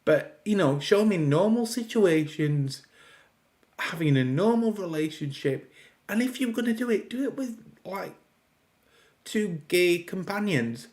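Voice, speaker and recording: Male reviewer, slightly high voice, slow exasperated ranting delivery with restarts. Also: expressive, darkish tone. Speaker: video reviewer. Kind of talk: casual reaction review.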